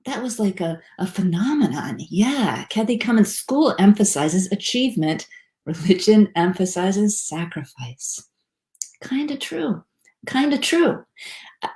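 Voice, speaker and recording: A woman with a fairly low voice talks loosely and chattily to a group, often restarting her sentences and laughing at herself. The room around her is echoey. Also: dark tone. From United States. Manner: chatty and self-deprecating, with many restarts and fillers. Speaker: speaker teaching a class on happiness. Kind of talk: casual talk to a live audience.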